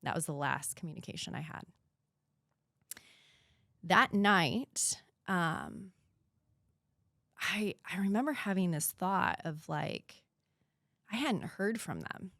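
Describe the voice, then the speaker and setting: A woman in her thirties from the United States, a podcast guest telling a painful personal story in an earnest voice that sometimes drops to a hushed whisper. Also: fairly low pitch, lively intonation, slow, vocal fry, pauses often, dry recording, studio quality.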